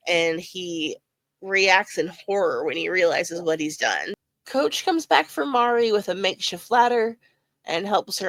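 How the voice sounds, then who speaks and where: Gravelly sarcastic woman reading a recap. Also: medium pitch, fairly bright tone, dry recording. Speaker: podcast host recapping a TV episode. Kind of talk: scripted episode recap with sarcastic asides.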